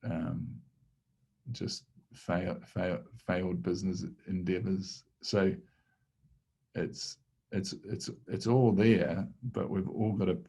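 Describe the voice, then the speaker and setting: A man hosting a casual podcast conversation, reflective and halting, with frequent restarts. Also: low voice, little pitch movement, dark tone. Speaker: podcast host.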